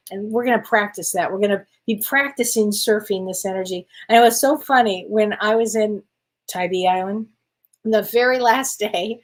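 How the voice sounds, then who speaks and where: A woman's voice: mid-range voice, low-quality recording. An older woman, a spiritual medium, chatting casually as she reads viewer questions aloud and answers them, laughing often. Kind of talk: live Q&A, reading viewer comments.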